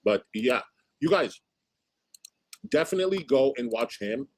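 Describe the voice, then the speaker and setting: A man's voice: medium pitch, expressive, unhurried, dry recording. A man hosting a livestream, reacting to chat with blunt, wry commentary. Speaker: streamer host.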